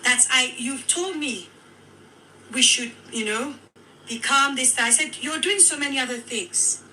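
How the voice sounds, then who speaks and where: A Nigerian woman telling her own account as a widow in a very bright, somewhat high voice. She is animated and acts out the dialogue as she tells it. Faint noise sits under the recording. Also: a little slow, low-quality recording. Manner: animated, quoting others in dialogue. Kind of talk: emotional personal account.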